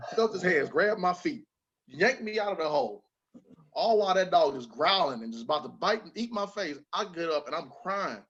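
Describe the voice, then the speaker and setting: A man hosting a podcast, telling a childhood story in a casual, animated way with plenty of swearing. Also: on the high side, moderate pace, dull audio. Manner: animated, swearing, repeats words when excited. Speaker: podcast host.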